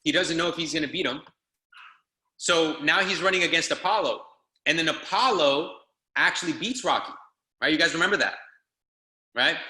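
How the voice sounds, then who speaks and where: Speaking to a group call, a man working as a business trainer delivers a fired-up motivational talk, exhorting and pounding the same phrases again and again. His voice is on the high side, pushed and bright, in a roomy space.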